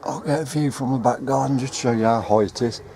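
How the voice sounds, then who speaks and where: A man of medium pitch and dark tone talks fast as he rambles casually to a handheld camera, often correcting himself. He's a radio hobbyist vlogger, outdoors at home on ladders and in the garden. The sound comes from the handheld camera mic.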